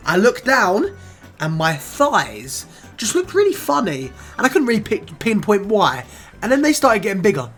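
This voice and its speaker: A young man, telling a casual, expletive-laden story for his vlog. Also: high voice. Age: 20s. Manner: animated, swears often, says "bro" a lot. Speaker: vlogger.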